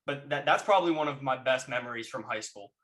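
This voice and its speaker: A man chatting casually on a podcast, telling stories with lively energy and shouting out the lines he quotes. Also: mid-range voice, quick pace. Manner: animated storyteller who shouts out quoted lines. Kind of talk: casual chat, reminiscing.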